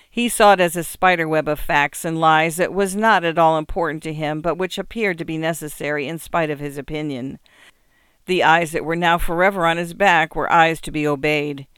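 Man reading a story, measured and clear. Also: a little high, fairly bright tone, no room sound, clean studio sound. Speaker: narrator. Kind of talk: scripted story narration.

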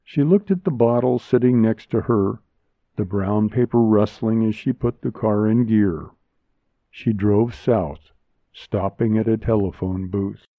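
Male volunteer reader, mid-pitched voice, very unhurried story narration, dry lo-fi studio recording. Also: no echo. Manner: slow, measured, hushed reading. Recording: dull lo-fi dry studio sound.

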